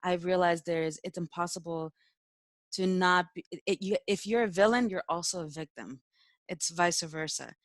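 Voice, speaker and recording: A woman's voice: on the low side, normal speed, dry recording. A young woman, a spiritual teacher, telling a personal story in casual talk, emotional, laughing often and using many fillers.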